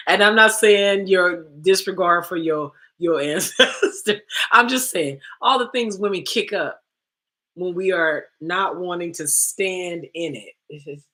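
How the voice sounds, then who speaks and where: A woman's voice: fairly low pitch, fairly bright tone. A woman hosting a livestream for women, talking bluntly and confrontationally with many rhetorical questions. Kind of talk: livestream talk.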